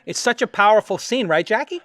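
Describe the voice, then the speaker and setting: A man hosting a podcast interview, retelling a film scene as an animated storyteller. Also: high-pitched, a little fast, dry recording, clean studio sound. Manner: animated storyteller, acts out quotes. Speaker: podcast host. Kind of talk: casual interview chat.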